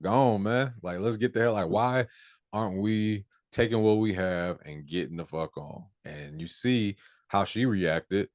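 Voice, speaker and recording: A man's voice: lowish voice, measured pace, a little mellow, no echo, clean studio sound. A man co-hosting a casual TV review podcast, arguing his points emphatically with profane slang. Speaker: podcast co-host.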